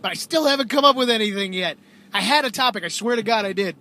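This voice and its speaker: Guy with a pretty high voice just chatting on a podcast, kinda rambly, joking at himself. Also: quick pace, pushed and bright. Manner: rambling, self-mocking humor. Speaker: podcast co-host. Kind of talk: casual chat.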